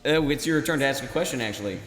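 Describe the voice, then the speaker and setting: A man's voice: mid-range voice, quick pace, a little hiss or hum. A man co-hosting a live school podcast, talking in a laid-back way with dry jokes. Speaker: teacher and podcast co-host. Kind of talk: casual live show banter. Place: school gym. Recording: echoey gym with long reverb.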